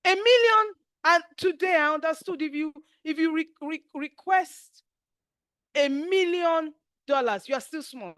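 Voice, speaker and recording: A middle-aged Nigerian woman with a Nigerian accent, leading a spiritual teaching class, telling stories with acted quotes in an animated, emphatic way. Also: high voice, a little slow, no echo, studio quality.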